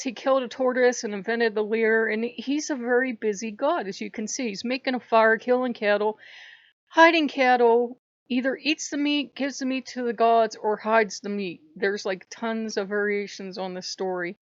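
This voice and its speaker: A woman hosting her channel, telling myths casually with an animated, irreverent manner, on a dull lo-fi recording. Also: fairly high pitch, dry recording. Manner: animated, irreverent, laughs often. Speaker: channel host. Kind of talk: casual mythology storytelling.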